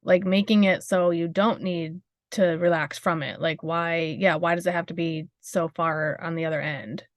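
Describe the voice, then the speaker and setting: Woman guest agreeing along, lowish voice, dry sound. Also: steady tone, no echo. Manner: agreeable, quick affirmations. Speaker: podcast guest being coached. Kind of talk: casual conversation.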